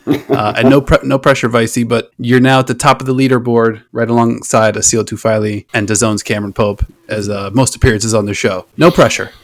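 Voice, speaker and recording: A man hosting a sports podcast, soft-spoken and laid-back. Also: mid-range voice, steady tone, brisk, no room sound, studio quality. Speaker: podcast host. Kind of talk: podcast interview.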